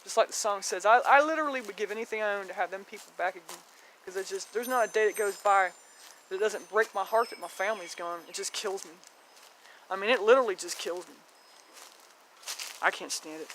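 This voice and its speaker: A woman's voice: medium pitch, a little fast, fairly bright tone, a little hiss or hum. A woman giving a casual walking tour of her home garden, chatty and rambling, blunt, with mild swearing and frequent laughter.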